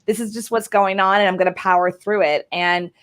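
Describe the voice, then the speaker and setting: A woman hosts a casual chat over a video call, speaking at an everyday middle pitch. She is warmly affirming and keeps nudging the talk along with "right?". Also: fairly even intonation, brisk. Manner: encouraging, affirming, often adds "right?". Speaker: host.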